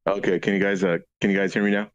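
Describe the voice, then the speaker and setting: A man calling into a stream through a voice synthesizer, talking in a halting, hesitant way. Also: low-pitched, level tone, no echo, low-quality recording. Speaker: caller. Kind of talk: casual call-in chat.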